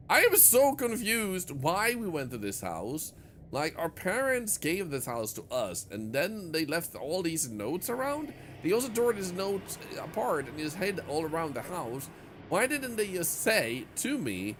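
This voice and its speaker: A man's voice: high voice, measured pace, slight background noise. A man streaming a horror game, reading notes aloud and joking as he plays. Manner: lively, reads notes aloud, jokes. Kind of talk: gameplay commentary.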